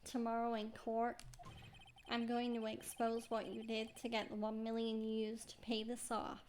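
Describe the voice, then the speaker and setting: A woman's voice: on the high side, completely flat delivery, moderate pace, a little mellow, slight background noise, natural voice. A woman voicing a young male defense lawyer in a firm, accusing manner.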